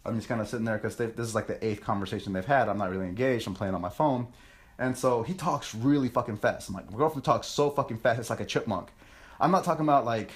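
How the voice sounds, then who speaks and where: A young man telling a story on his podcast in a loose, rambling way. He swears a lot and pokes fun at himself. His voice sits at an ordinary middle pitch. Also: brisk. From United States. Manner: profane, rambling and self-mocking. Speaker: podcast host. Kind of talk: casual storytelling monologue.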